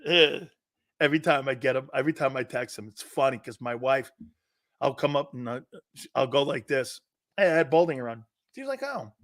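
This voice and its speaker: A man's voice: medium pitch, normal speed, fairly bright tone. Middle-aged guy hosting sports talk, tells long rambly stories and keeps cracking up. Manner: rambling storyteller, laughs a lot, quotes others. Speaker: sports talk show host. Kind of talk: casual live-stream sports talk.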